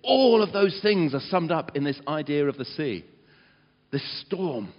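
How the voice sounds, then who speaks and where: Animated preacher in a reverberant hall. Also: male voice, on the high side, measured pace. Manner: animated storyteller, dramatizes quotes loudly. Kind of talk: sermon. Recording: muffled sound with long hall reverb.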